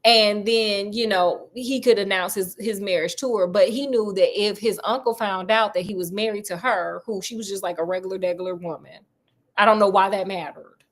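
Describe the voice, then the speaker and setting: A woman casually retelling a classic story, chatty and full of slang and offhand asides. Her voice sits at an ordinary middle pitch. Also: fairly even intonation, moderate pace.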